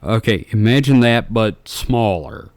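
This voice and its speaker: A man's voice: on the low side, a little slow, no echo, studio quality. A man in his forties co-hosting a podcast, telling stories casually with lots of swearing and laughter. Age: 40s. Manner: profane, laughing, animated storytelling. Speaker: podcast co-host. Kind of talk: casual comedic chat.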